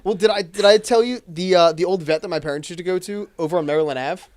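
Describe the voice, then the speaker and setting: A man's voice: high voice, quick pace, dry recording. A man co-hosting a podcast, chatting casually and rambling from crude jokes into movie rumors. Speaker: podcast co-host. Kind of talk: casual chat.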